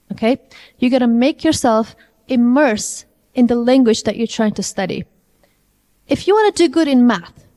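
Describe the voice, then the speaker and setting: A woman's voice: fairly high pitch, dark tone. A woman giving an interactive language lecture to a live audience, often asking them questions. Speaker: IELTS trainer. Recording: long hall reverb.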